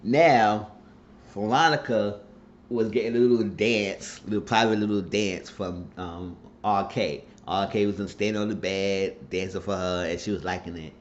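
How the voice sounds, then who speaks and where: A man's voice: on the low side, steady tone, measured pace. A man casually recapping a TV episode, rambling through the scenes in colloquial speech. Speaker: TV show recap reviewer. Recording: dull lo-fi recording with faint noise.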